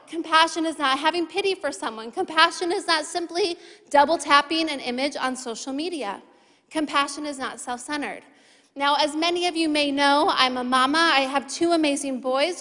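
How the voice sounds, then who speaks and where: A woman's voice: sits high, pushed and bright. A woman in her thirties preaching a sermon to a congregation, emphatic, repeating key phrases and adding playful asides to the crowd. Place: large church hall. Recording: long reverb of a large hall.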